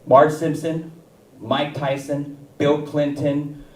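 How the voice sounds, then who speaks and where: A man's voice: fairly high pitch, flat delivery, takes it slowly. A male stand-up comedian ad-libbing on stage, rambling and stumbling over his words. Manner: rambling, self-interrupting ad-libbing. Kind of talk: stand-up set. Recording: roomy theater sound, distant mic.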